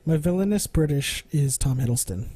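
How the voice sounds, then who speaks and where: A man co-hosting a casual gaming podcast, chatty and quick to laugh. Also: fairly high pitch, expressive, warm tone. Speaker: podcast co-host. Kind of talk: casual chat.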